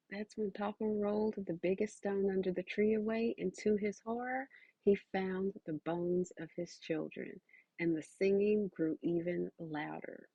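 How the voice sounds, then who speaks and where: A woman telling a spooky folktale in a hushed voice that drops low and soft at the dark moments. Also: steady tone, unhurried, husky, highs cut off. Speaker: storyteller.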